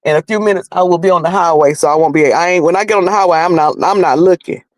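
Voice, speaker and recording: A man's voice: sits high, quick pace, no room sound, rough recording. A man with a North Carolina Southern accent, chatting casually on a livestream while driving, rambling with many restarts. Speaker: livestream host. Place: in a car.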